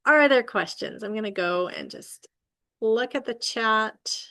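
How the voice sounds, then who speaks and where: A woman's voice: on the high side, animated, measured pace, a bit bright. A woman hosting a casual business opportunity call over video, chatty, laughing easily and tripping over her words.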